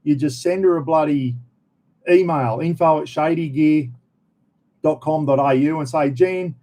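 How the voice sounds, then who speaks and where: A middle-aged man with an Australian accent talks casually to his live chat, rambling and full of slang. His voice sits a little high but sounds mellow and relaxed. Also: a little slow. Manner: chatty, rambling, blokey slang. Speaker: channel host answering live chat.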